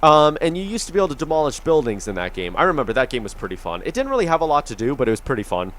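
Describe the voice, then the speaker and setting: A man's voice: fairly high pitch, very animated, rapid-fire, a bit bright. Man chatting loosely over a farming game. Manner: rambling, easygoing, lots of ums. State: has the hiccups. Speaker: gaming YouTuber. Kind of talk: casual gameplay commentary.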